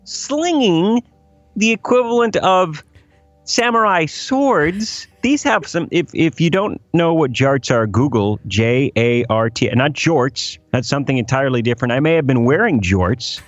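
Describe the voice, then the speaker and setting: A man's voice: medium pitch, animated, moderate pace, few pauses, no room sound, dull audio, soft background music. A man co-hosting a podcast, joking and riffing playfully in casual chat. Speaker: podcast co-host.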